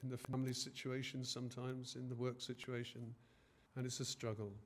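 A man's voice: mid-range voice, monotone, brisk. A man preaching a sermon in an earnest way, often hesitating and rising in force on key phrases.

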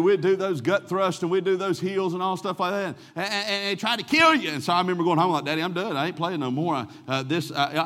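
A middle-aged man preaching a sermon, telling folksy personal stories and swinging from loud to hushed. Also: on the high side, in a large hall.

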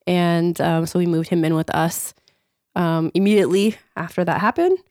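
A woman who owns a business, a guest on a radio show, speaking hoarsely with a cold, open and steady with fillers. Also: lowish voice, moderate pace, no room sound, studio quality. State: sick, hoarse. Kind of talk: casual radio interview. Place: radio studio.

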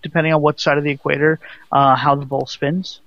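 A man's voice: a little high, little pitch movement, a bit bright, dry recording, dull audio. A man co-hosting a casual radio show, joking and cutting in with questions. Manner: joking, interrupting, quick questions. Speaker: radio co-host.

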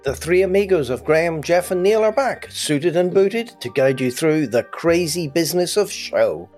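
Teasing podcast co-host, lively pitch. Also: male voice, normal speed, faint music behind. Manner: teasing, playful. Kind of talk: comic banter.

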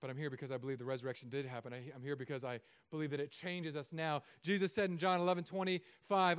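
A man preaching with a fairly high, smooth, resonant voice. He delivers his sermon in an animated, joking way, swinging between loud emphasis and hushed asides. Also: fast talker, hardly any pauses. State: recovering from Achilles surgery. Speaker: pastor.

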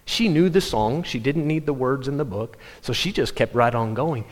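A man preaching a sermon, telling stories animatedly with quick restarts. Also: medium pitch. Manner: animated storytelling, self-interrupting restarts. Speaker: pastor. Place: church sanctuary. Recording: long hall reverb.

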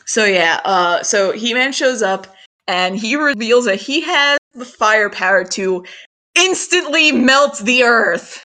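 Bright-voiced chatty woman recapping. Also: on the high side, animated, takes it slowly. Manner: chatty, laughs often, lots of fillers. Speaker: podcast co-host. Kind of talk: casual anime recap chat.

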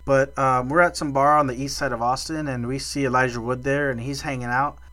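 Man, podcast co-host, rambling storyteller, bright tone. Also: medium pitch, fairly even intonation, a little fast. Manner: rambling storyteller, lots of restarts and fillers. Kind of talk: casual chat.

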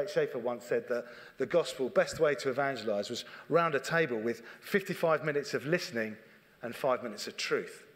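A middle-aged man, a church leader, preaching a sermon in an earnest, conversational way and often repeating his phrases. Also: medium pitch. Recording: long reverb of a church hall.

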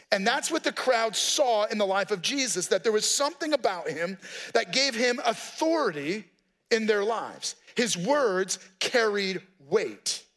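A man's voice: high-pitched, a bit bright. A man, a pastor, preaching a conversational sermon with folksy asides and direct appeals to the congregation.

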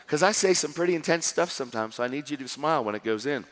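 Animated preacher man in a reverberant hall. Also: fairly high pitch, fast talker. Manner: animated, jokey, acts out dialogue. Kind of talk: sermon storytelling.

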